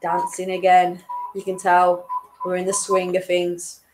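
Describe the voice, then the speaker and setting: A woman's voice: on the low side, completely flat delivery, measured pace, slight background noise. A young woman hosting an online quiz in a chatty, giggly way, reading each question twice and tripping over her words. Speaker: quiz host.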